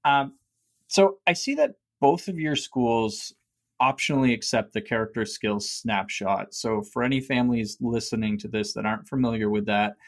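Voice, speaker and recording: A man's voice: medium pitch, normal speed. A man hosting an admissions talk show, affirming his guests and leading them to the next topic. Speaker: podcast host. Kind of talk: moderating a panel.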